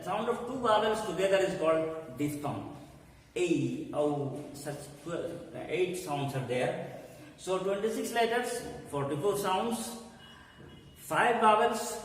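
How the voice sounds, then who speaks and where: A man teaching an English pronunciation lesson, slowly repeating words for emphasis. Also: high voice. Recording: echoey hall, mic far off, faint hum.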